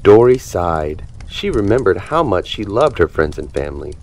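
Male storybook reader, low voice, very lively intonation, animated read-aloud for toddlers. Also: normal speed. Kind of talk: reading a children's picture book aloud.

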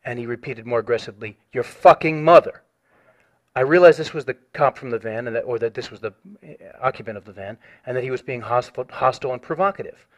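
A man on a recorded phone call, formally reading out a written complaint and pressing his point. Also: mid-range voice. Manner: measured, formal, reads a written statement.

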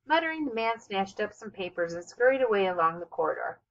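A woman's voice: mid-range voice, very animated, fast talker, fairly bright tone, lo-fi sound. Woman narrating a storybook chapter. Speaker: audiobook narrator. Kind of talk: scripted narration.

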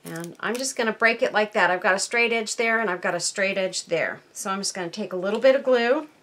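A woman's voice: medium pitch, fairly quick, fairly bright tone, slight background noise. A woman hosting a casual crafting tutorial at her workbench, chatting to viewers and thinking aloud as she works. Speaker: crafting channel host.

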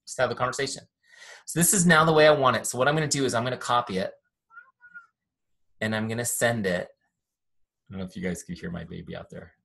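Young male trainer, husky tone, upbeat, chatty, jokey, demoing software from a home-office mic. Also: medium pitch, a little fast, long pauses. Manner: upbeat, chatty, self-deprecating jokes. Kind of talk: live online training with screen demo. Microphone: desk microphone.

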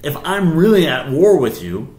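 A man's voice: a little high, very animated, moderate pace, darkish tone, echoey room. A male pastor preaching a sermon in a conversational way, repeating himself and building to emphatic bursts. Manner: conversational, rising to emphatic bursts, frequent restarts.

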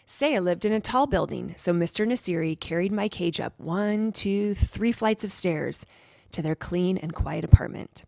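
A woman reads a children's chapter book aloud in a gentle, expressive way. Her voice sits a little low with a gravelly texture. The recording is dry and close. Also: no room sound. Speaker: storybook reader.

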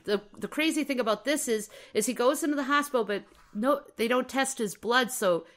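A woman from Minnesota, co-hosting a casual true-crime podcast and telling the story in an animated way, repeating phrases for effect. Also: a little high, a little fast. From Minnesota, USA. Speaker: podcast co-host.

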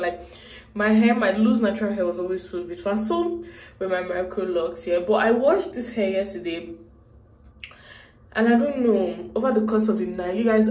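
A woman's voice: mid-range voice, darkish tone, roomy sound. A young woman from Nigeria chatting to camera at home in a rambling, emotional way as a vlogger. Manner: rambling, emotional, talks straight to viewers. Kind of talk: casual chat to camera. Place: room at home.

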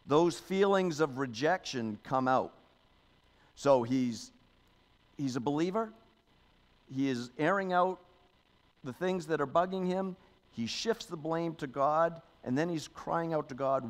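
A pastor with a voice on the high side speaks slowly and pauses often during his sermon. He uses a conversational tone, regularly adding "okay?" and "you know," and reads scripture with emphasis.

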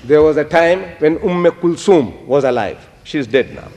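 A man's voice: a little high, a little slow, a little hiss or hum. Older man lecturing in an echoey hall. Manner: animated, quotes Arabic phrases. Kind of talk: public lecture with storytelling.

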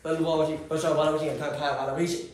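Giggly, excitable guy in an echoey room. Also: on the high side, racing, a little hiss or hum. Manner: excitable, giggly, jumps between topics. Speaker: vlogger. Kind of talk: casual rambling commentary.

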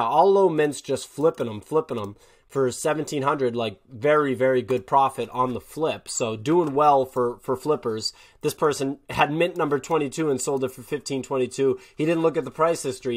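A man hosting a screen-share commentary on collectible sales, reading prices aloud and getting worked up as he scolds quick sellers. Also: fairly high pitch. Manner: talks while clicking through listings. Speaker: host.

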